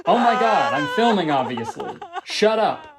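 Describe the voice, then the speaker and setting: A man putting on an impression of a boastful young male family vlogger, talking in loud, hyped patter. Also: a little high, sing-song, normal speed, a crowd in the background, voice pushed up. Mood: frantic.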